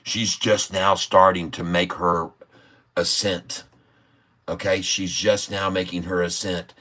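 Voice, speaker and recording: A man's voice: low voice, level tone, slow pace, bright, forceful tone. A middle-aged man hosting a live stock-trading stream, chatting casually, laughing often and reading viewer comments aloud. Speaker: livestream stock trading host. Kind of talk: casual livestream chat with viewers.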